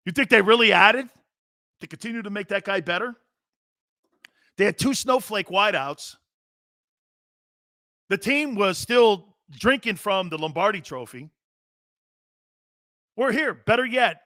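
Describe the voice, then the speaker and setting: A man's voice: sits high, lively intonation, unhurried, long pauses, pushed and bright, no echo, clean studio sound. A man hosting a sports talk show, delivering a brash, opinionated monologue full of rhetorical questions and slang.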